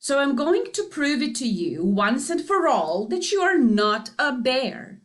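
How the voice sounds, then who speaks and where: A pompous, condescending male company president from a children's story, as a woman reading aloud plays him. He lectures slowly and with great self-assurance. His voice climbs on each point. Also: sits high, sing-song, voice pushed up.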